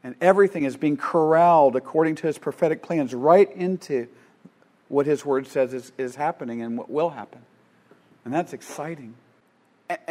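A man preaching a sermon, fervent, swinging between loud declarations and quiet asides, with frequent restarts. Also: a little high. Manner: fervent, rising and falling, with many restarts.

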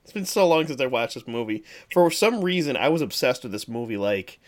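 A podcast co-host telling a lively family anecdote in casual chat, laughing often. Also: mid-range voice, fairly quick. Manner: animated storyteller, laughing, swooping voice.

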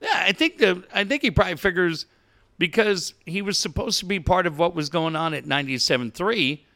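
A middle-aged man co-hosting a radio talk show, telling animated stories and swearing casually. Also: high-pitched, fairly quick. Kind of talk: casual chat.

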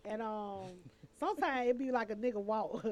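A woman in casual group chat, opinionated and animated, talking in loose slang. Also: a little high, normal speed.

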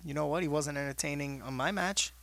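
A man's voice: a little high, fairly quick, vocal fry, no echo. A man co-hosting a casual wrestling chat, telling stories with lots of laughter and acted-out voices. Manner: animated storyteller, laughs often, acts out voices. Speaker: wrestling podcast co-host.

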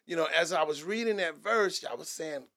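An earnest man in a faith podcast who preaches his points, restarting and repeating words as he goes. His voice is quite high for a man. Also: fairly quick, a bit bright. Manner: earnest, repeats words, asks "you know what I'm saying". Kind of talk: casual faith talk, preaching tone.

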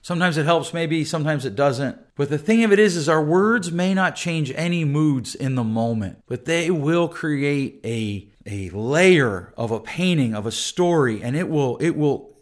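A man's voice: fairly high pitch, expressive, measured pace, hardly any pauses. A middle-aged man talking earnestly and conversationally as a podcast host, often restarting his sentences. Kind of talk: podcast monologue.

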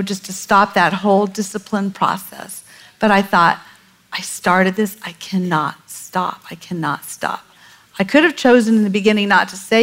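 A middle-aged woman telling a parenting story in casual chat, animated and laughing often as she acts out quotes. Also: mid-range voice, poor audio.

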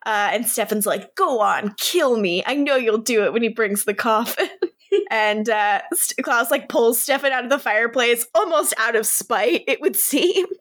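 A woman co-hosting a casual chat, retelling scenes in a lively, giggly way and acting out the characters' lines. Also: a little high, moderate pace, no room sound, clean studio sound. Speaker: podcast co-host recapping a TV episode.

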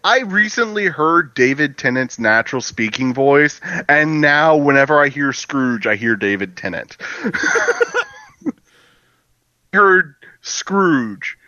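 A man co-hosting a podcast, retelling a cartoon in an animated, profane, jokey way. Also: fairly high pitch, slow, no echo, highs cut off. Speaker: podcast co-host. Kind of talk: casual chat recapping a cartoon.

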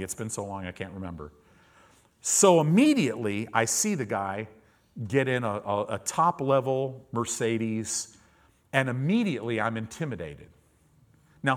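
A man in his fifties preaching, telling a testimony story in an animated way. He repeats words often and acts out the people in his story. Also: medium pitch, normal speed. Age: 50s.

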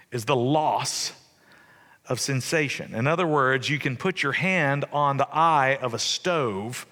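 Bright-voiced man preaching in a reverberant hall. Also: on the high side. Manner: conversational storytelling, swings loud and soft. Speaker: pastor. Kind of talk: sermon. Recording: long reverb of a church hall.

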